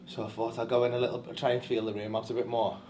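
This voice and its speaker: A man's voice: mid-range voice, level tone, a little mellow, slight background noise. A male stand-up comedian chatting backstage after a show, blunt and full of swearing. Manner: blunt, sweary, quick banter. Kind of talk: casual backstage chat. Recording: echoey room.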